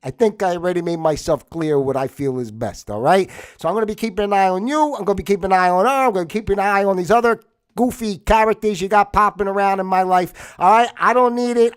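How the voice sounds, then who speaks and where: A short-tempered tough-guy businessman, as a man puts him on, pushing his voice up high and loud. He blusters and repeats his warnings, leaning hard on every threat. The tone stays forceful and pressing throughout. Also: clean tone.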